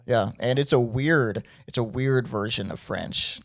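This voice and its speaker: A man's voice: mid-range voice, a little slow. A man hosting a podcast in casual chat, rambling with lots of fillers and swearing. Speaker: podcast host.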